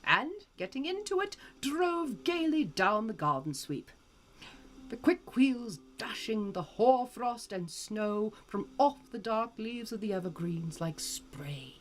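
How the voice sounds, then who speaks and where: A woman streamer giving a live, expressive reading of a classic novel. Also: a little high, takes it slowly, a little hiss or hum.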